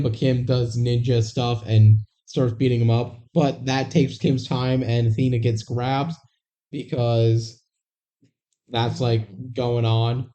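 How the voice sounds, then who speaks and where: A man's voice: medium pitch, mellow, lo-fi sound. A man co-hosting a podcast, casually retelling a movie's plot with lots of fillers. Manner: rambling with many fillers. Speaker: podcast co-host. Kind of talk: casual movie recap chat.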